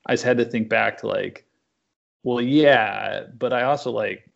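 A man's voice: medium pitch, unhurried, creaky. A man, a comic book writer, chatting casually as a podcast guest and rambling through a story with lots of fillers. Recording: dull lo-fi sound.

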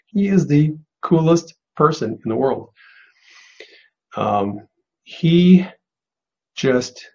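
A man's voice: mid-range voice, highs cut off. A man hosting a live spiritual broadcast, teaching and answering callers in an earnest, encouraging way with frequent restarts. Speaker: host of a live prophetic broadcast.

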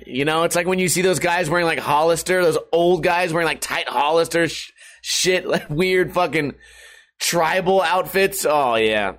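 Guy in his 30s ranting and cracking jokes to his webcam, swears a ton, kinda high voice. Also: moderate pace, a bit bright. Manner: profane, joking, rambling. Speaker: streamer. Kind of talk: casual rambling vlog. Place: hot house. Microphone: webcam setup at home.

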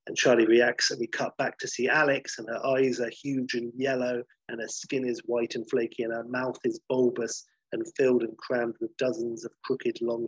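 Husky man telling a story casually. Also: mid-range voice, no echo, poor audio. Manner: rambling, sweary, lots of fillers and restarts.

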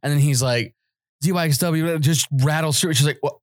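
A man's voice: on the high side, brisk, dry recording, studio quality. A man co-hosting a casual podcast chat, telling a story with animation and insisting stubbornly on his version. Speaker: podcast co-host.

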